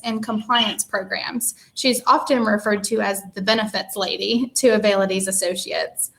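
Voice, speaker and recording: Slightly high-voiced woman conference moderator. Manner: friendly, steady scripted delivery. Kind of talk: reading speaker introductions.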